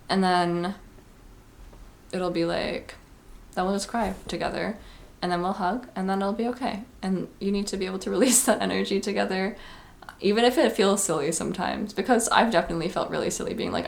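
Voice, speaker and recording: A woman's voice: medium pitch, brisk, creaky, a little hiss or hum. A woman, talking casually and earnestly in a confessional vlog, full of "like" and advice. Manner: chatty, heavy use of "like", earnest advice-giving. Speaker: vlogger.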